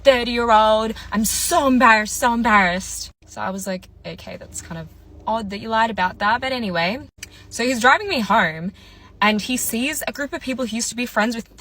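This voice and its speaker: A woman's voice: fairly high pitch, lively intonation, brisk, pushed and bright. A young woman in her twenties, casually telling a dating story and acting out what each person said. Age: 20s. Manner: chatty, quotes people in their voices. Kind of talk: casual story time monologue.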